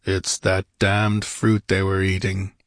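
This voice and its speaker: A man voicing a fierce, brawny barbarian warrior who speaks in a low, urgent, commanding way. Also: completely flat delivery, slow pace, no room sound, clean studio sound. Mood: grim.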